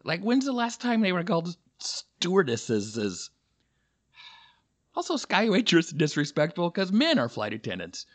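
A man's voice: high-pitched, huge pitch swings, measured pace. A male comedian talking through a casual, rambling monologue, full of fillers and self-deprecating asides. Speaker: comedian and podcast host.

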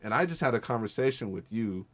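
A man's voice: mid-range voice, expressive, quick pace, fairly bright tone, husky. A man who mentors students in a music program, talking earnestly and encouragingly in a casual group conversation. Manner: earnest, encouraging, heavy on "like" and "dope".

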